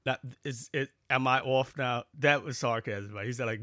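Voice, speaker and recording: A man's voice: mid-range voice, normal speed, few pauses, sharp tone, dry recording, studio quality. A man talking casually to camera in a rambling, sarcastic vlog, full of fillers and restarts. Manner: chatty, sarcastic storytelling with frequent fillers and restarts. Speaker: vlogger.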